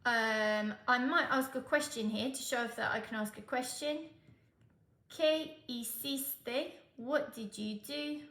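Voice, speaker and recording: A woman's voice: a little high, normal speed, hardly any pauses, pushed and bright. Patient woman teaching Spanish, roomy sound. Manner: patient, explains step by step, checks in with "okay?". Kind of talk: exam tutorial.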